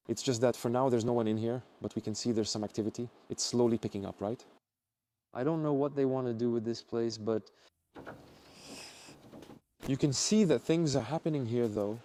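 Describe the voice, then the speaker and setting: A man narrating an exploration vlog as he guides viewers around, talking in an excitable, exclamatory way. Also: mid-range voice, normal speed. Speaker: urban explorer vlogger.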